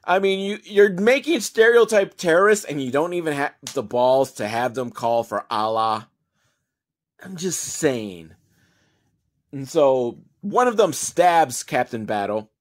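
A man's voice: a little high, lively intonation, measured pace. A man giving a casual, comedic movie recap, rambling and sarcastic with some swearing. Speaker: movie reviewer.

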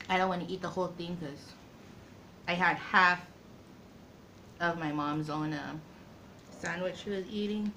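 Slow, halting young woman vlogger. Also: on the low side, fairly even intonation, background noise. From Guam. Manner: slow, halting, with fillers and pauses. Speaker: mukbang vlogger. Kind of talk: casual eating vlog chat.

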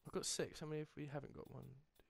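A young man giving excitable let's-play commentary, yelling and laughing at the game with mild slang. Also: fairly high pitch, racing, creaky. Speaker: gamer.

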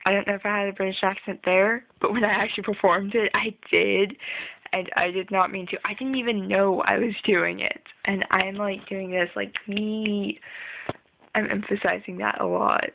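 A woman's voice: medium pitch, steady tone, moderate pace, creaky. Young woman, casual video diary, chatty and rambling, tinny lo-fi recording. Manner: chatty, rambling, frequent ums and laughs. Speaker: vlogger.

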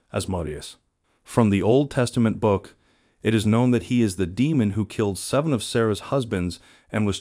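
A man narrating a scripted storytelling video as the channel's host, in a steady, even read. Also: lowish voice, no echo, clean studio sound.

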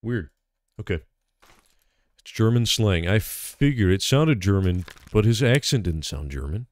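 A man's voice: fairly low pitch, unhurried, no room sound. A man streaming a game, thinking aloud casually and exclaiming when things go wrong. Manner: animated, exclaims and swears. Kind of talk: casual gaming commentary.

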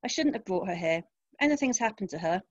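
A woman's voice: mid-range voice, animated, quick pace, lo-fi sound, natural voice. A woman voicing a frantic husband whose wife is missing, his voice strained, in a crime story reading. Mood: guilt-ridden. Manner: strained, pleading. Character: distraught husband, guilt-ridden and strained.

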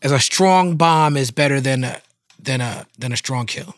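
A man's voice: medium pitch, normal speed, no room sound. Affirming podcast host man, dry mic. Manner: affirming, short encouraging replies. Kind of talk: interview conversation.

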